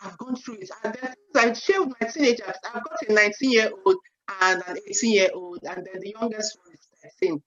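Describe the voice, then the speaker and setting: A woman in her forties giving an animated parenting talk at a seminar, often saying "you know" and acting out what parents and children say. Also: mid-range voice, a little fast. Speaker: seminar speaker. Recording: dull lo-fi sound.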